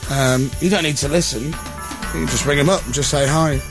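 A man's voice: fairly high pitch, brisk, music in the background. A man hosting a radio breakfast show in a studio, telling stories in casual, self-mocking banter with his co-hosts. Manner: chatty, self-mocking storytelling.

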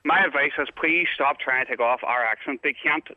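A man's voice: medium pitch, brisk, dry recording. A Northern Irish man calling in to a radio show, effusive and rambling, and he keeps repeating the host's name. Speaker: caller. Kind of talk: phone-in chat. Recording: tinny phone line.

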